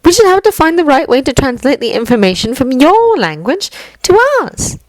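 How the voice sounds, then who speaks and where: A woman's voice: sits high, sing-song, normal speed, no room sound, pitched above the performer's own voice, rough recording. A woman voicing a poised, clever teenage hero girl in a fanfiction reading, composed and knowing.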